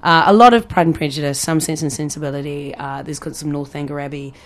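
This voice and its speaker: A woman from New Zealand with a New Zealand accent, chatting playfully as a guest performer in an interview, talking fast and laughing often. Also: low voice, fairly even intonation. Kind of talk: casual interview chat.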